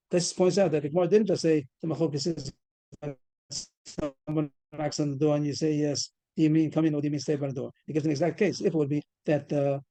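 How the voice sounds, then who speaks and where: This fast Talmud study lecture comes from a man whose voice is warm and on the high side. Teaching over video, he breaks down a case one step at a time and puts questions to the students.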